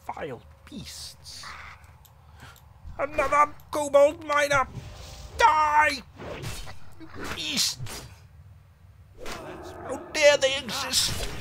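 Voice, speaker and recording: A man's voice: mid-range voice, a bit bright, slight background noise. A man voicing a pompous, zealous paladin who hates monsters, speaking in formal old-fashioned phrases as he plays a game. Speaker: game player role-playing his character. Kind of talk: in-character role-play over gameplay.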